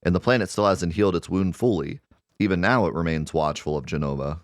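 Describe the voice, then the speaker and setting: A soft-spoken, devoted young mother from a game, played by a man reading her lines. Her voice stays earnest and gentle, and it sounds dry and close. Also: deep voice, a little fast, no room sound, natural voice. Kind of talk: reading game dialogue aloud.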